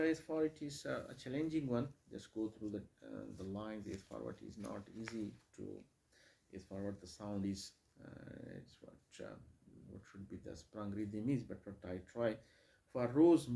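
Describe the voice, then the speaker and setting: A man's voice: on the low side, gravelly, warm tone. A man giving a hesitant lecture on a poem, full of fillers and repeated phrases. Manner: hesitant, many fillers, repeats phrases, slips into Hindi asides. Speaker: English literature lecturer. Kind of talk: classroom lecture on poetry.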